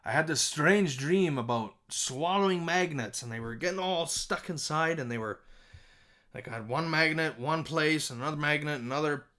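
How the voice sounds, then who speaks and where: A man's voice: fairly high pitch, normal speed, sharp tone. A man teaching a recorded music composition lesson, talking in a friendly, chatty way with fillers.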